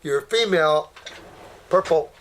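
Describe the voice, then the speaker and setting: An older man holds forth in a loose question-and-answer chat, his voice sitting a little higher than most men's. He rambles in a folksy way, tossing out endearments like honey and sweetheart. He often trails off into fillers while he gropes for a word. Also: unhurried, fairly bright tone. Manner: trails off searching for words, many fillers. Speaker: naturopath answering viewer questions. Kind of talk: casual Q&A commentary.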